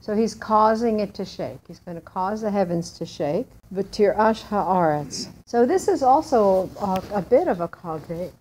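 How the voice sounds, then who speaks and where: A woman's voice: medium pitch, animated, unhurried, few pauses, a little mellow, a little hiss or hum, low-quality recording. A woman teaching a Hebrew Bible class, explaining word by word and asking her students questions.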